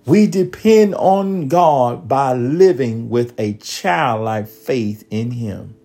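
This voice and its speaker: A male preacher giving a sermon, reading scripture verses slowly and breaking in with exclamations and calls to his listeners. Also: medium pitch, animated, gravelly, warm tone.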